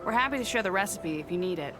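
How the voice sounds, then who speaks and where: A woman voicing a friendly, brisk survivor. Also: medium pitch, expressive, over music, lightly acted. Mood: helpful. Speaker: survivor character in a video game. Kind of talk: video game voice acting.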